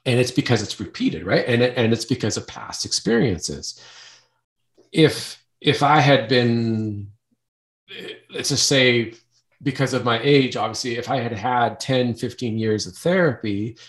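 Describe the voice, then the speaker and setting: A middle-aged man speaks candidly and personally. He stumbles and restarts often, repeating words as he works through painful thoughts. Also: mid-range voice. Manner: halting, with many restarts. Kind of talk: personal talk about trauma.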